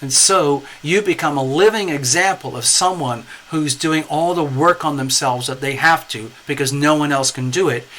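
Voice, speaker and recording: Greeting his viewers as he goes, a man gives a rambling, talkative tarot reading on a live stream, peppering it with "okay?" and "you know." The sound is bright and pushed, pitched fairly high, with a faint hiss or hum.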